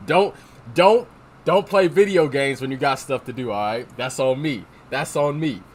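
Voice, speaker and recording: This man rambles through a casual livestream, cursing and reading viewers' chat messages aloud as he responds. He speaks at a medium pitch and moderate pace into a desk microphone.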